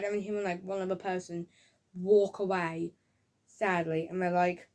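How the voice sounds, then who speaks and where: A woman giving a casual, excited review of a film, rambling through scenes with frequent restarts. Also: on the low side, moderate pace. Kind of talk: casual home-video review.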